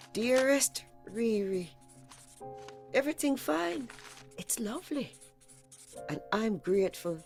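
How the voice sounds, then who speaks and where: A slow-spoken mother. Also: on the high side, darkish tone, heavily acted. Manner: slow, measured storytelling. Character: Caribbean-born mother remembering arrival in England. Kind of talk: dramatic monologue in an audio drama.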